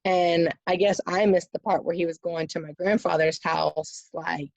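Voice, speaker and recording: A woman's voice: on the low side, steady tone, moderate pace, creaky, darkish tone, no echo, dull audio. A woman from rural Florida, a guest telling a childhood story in a chatty way full of fillers. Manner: chatty, lots of "like" and "um". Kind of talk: casual storytelling.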